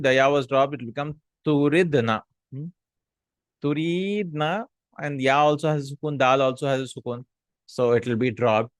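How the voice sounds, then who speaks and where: A man teaching from an Arabic textbook. He reads each Arabic line quickly, then translates it slowly, checking in with "hmm?" and "no?". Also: medium pitch, a bit bright, no room sound, studio quality. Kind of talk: textbook lesson.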